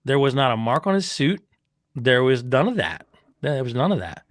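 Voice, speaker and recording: A racing team owner and father swaps stories on a podcast in a lively, profane way. He jumps into the voices of the people in his stories. The recording is close and dry, with a mid-range male voice. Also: medium pitch, moderate pace, no echo. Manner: animated storyteller, acts out quotes, swears freely. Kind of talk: casual podcast chat.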